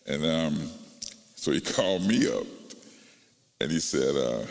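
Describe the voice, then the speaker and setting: A man's voice: extremely low pitch, expressive, slow, gravelly. A male pastor preaching a sermon, calling out to his congregation and breaking into song. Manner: call-and-response preaching, rising to singing and shouting. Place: church sanctuary. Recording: long reverb of a large hall.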